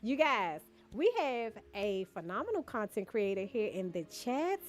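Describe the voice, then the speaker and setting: Over soft background music, a woman streams a cozy decorating game and chats casually, greeting and thanking viewers by name, teasing them and laughing often. Her mid-range voice swings widely in pitch and moves at an unhurried pace.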